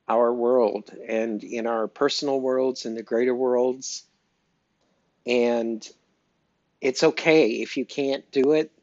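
Slow, halting man, dry lo-fi recording. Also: mid-range voice, no room sound. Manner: slow, halting, heartfelt, many pauses. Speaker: pet owner sharing an update. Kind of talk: personal audio diary.

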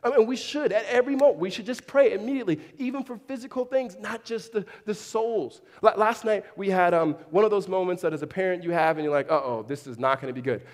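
A man's voice: high voice, quick pace, hardly any pauses, darkish tone. A man preaching a sermon to a congregation in a church, speaking conversationally and slipping in dry humorous asides. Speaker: pastor. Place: large church hall with a congregation. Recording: long reverb of a big hall.

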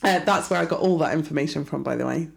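A woman's voice: low-pitched, quick pace, gravelly. A woman co-hosting a podcast, chatting casually with a laid-back manner and lots of fillers. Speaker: podcast co-host. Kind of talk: casual chat.

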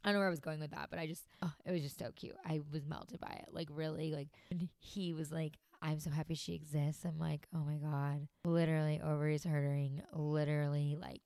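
A woman's voice: deep voice, little pitch movement, fairly quick, warm tone, clean tone, no echo. A young woman hosting a podcast, talking casually and gushing, with many "like"s and fillers. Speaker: podcast host. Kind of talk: casual monologue.

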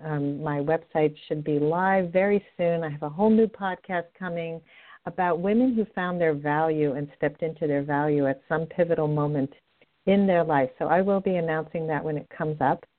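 A woman's voice: deep voice, steady tone, normal speed. A middle-aged woman hosting a radio show as a love coach, chatting in an upbeat, direct way. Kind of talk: podcast host monologue. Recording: tinny phone-line audio.

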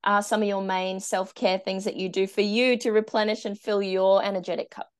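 A woman's voice: mid-range voice, level tone, brisk, smooth. A woman hosting a casual interview chat, encouraging her guest with short affirmations. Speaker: podcast host.

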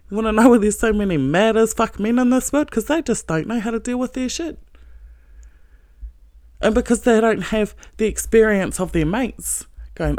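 A woman host giving a blunt, profane, forceful monologue about relationships. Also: medium pitch, lively intonation, normal speed, no echo, clean studio sound.

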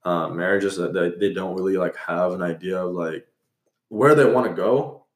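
Young guy podcast host, kinda low voice, rambles with lots of likes, echoey room. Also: normal speed. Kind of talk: casual chat.

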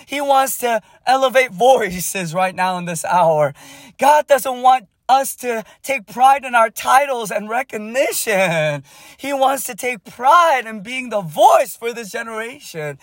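A man preaching a sermon with passion, building to shouted prayer and prophetic declarations. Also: very high-pitched, no echo.

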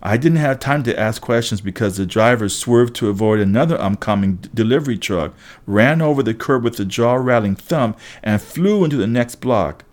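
A man's voice: medium pitch, animated, normal speed. A man narrating a first-person story aloud, with occasional slips and restarts. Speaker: audiobook reader.

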